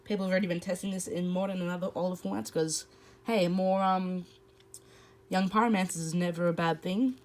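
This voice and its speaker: A woman's voice: on the low side, fairly even intonation, fairly quick, darkish tone, rough recording. A woman hosting a card-opening video, reading card text and then chatting about each card, with some fillers. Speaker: host. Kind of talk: casual card-opening commentary.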